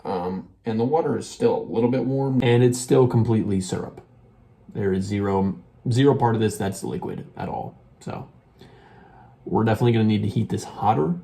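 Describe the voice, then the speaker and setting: A man's voice: on the low side, a little fast, creaky, dark tone, slightly rough. A young man casually talking through a hobby perfume-mixing vlog, rambling and self-mocking with slangy asides.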